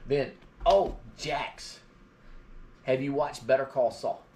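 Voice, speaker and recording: A man's voice: medium pitch, takes it slowly, gravelly, a little mellow. A middle-aged man from Georgia with a mild Southern drawl, telling rambling stories in a casual live-stream chat. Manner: rambling storyteller.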